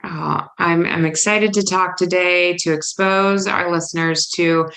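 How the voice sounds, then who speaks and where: A woman host guides a podcast interview in a supportive, affirming way. Her voice sits somewhat low, with a gravelly fry at the ends of phrases. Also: fairly even intonation, measured pace, fairly bright tone. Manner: supportive, with many affirming murmurs.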